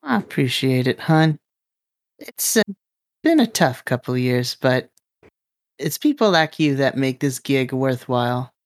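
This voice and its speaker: A man's voice: mid-range voice, animated, a little slow. A man voicing a flirtatious woman who performs at a nightclub, in a sultry, affectionate manner, during a tabletop role-play. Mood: tender. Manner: sultry, affectionate, calls others darling and love.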